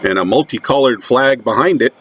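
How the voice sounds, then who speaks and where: A man from the United States, a religious commentator, delivers a sermon-like monologue with slow, deliberate and emphatic repetition. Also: medium pitch, expressive, fairly bright tone, slightly rough.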